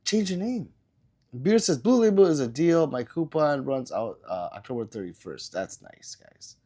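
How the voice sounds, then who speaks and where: A man's voice: medium pitch, big pitch swings, normal speed, mellow. A man who is sick and coughing hosts a casual livestream. He reads viewer comments aloud and answers them in a loose, rambling way, full of fillers. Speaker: livestream host.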